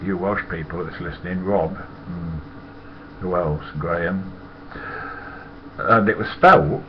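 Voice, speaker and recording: Blunt, low-voiced man. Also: a little slow, lo-fi sound, slight background noise. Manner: blunt and profane, rambling from subject to subject. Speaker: former lorry driver. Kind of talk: casual storytelling monologue.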